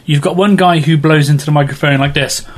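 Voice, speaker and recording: A man's voice: a little high, steady tone, quick pace. A man hosting a casual gaming podcast, chatty and rambling with fillers. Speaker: podcast host. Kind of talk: casual chat.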